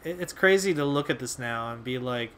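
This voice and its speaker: A man's voice: mid-range voice, animated, brisk, a bit bright, slight background noise. A young man hosting a video, telling a casual story in a rambling, laid-back way with lots of fillers and swearing. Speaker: video host.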